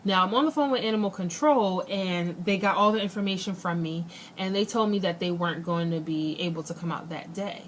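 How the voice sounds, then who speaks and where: A young woman with a fairly low voice tells a personal story straight to the camera in a loose, chatty way. She throws herself into the retelling and acts out the lines people said. A faint hum of noise sits behind her. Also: fairly quick, hardly any pauses. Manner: animated retelling, acts out quotes. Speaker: vlogger. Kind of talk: casual storytelling.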